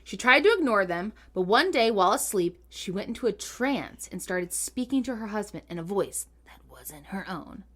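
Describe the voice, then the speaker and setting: A woman co-hosting a podcast, telling a true-crime ghost story in a giggly, animated, chatty way. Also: mid-range voice, normal speed. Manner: giggly, animated, lots of laughter. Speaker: podcast co-host. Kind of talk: casual chat, storytelling.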